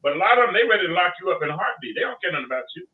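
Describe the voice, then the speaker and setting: A man hosting a casual panel talk, telling stories in an animated, plain-spoken way. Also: high-pitched, racing. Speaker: talk show host. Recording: tinny phone line, distant from mic.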